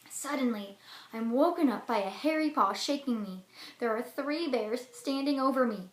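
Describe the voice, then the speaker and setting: Brief: female teacher, storytime read-aloud and lesson, higher voice, roomy echo. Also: normal speed. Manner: expressive storybook reading with lively swings. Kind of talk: reading a children's book aloud and giving a lesson. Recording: roomy echo with faint noise.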